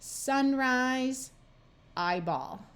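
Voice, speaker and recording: A woman's voice: high-pitched, animated, very slow, fairly bright tone. A woman with an American accent teaching a phonics lesson as a reading tutor, patiently spelling out sounds and words one by one. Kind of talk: slow, careful phonics lesson.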